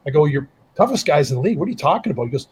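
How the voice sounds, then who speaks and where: A man's voice: fairly high pitch, very fast, a little hiss or hum, low-quality recording. A middle-aged man, a former hockey player, telling a story on a podcast and acting out the quoted dialogue. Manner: animated, acts out quoted dialogue. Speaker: podcast guest, former pro hockey enforcer. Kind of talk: casual storytelling.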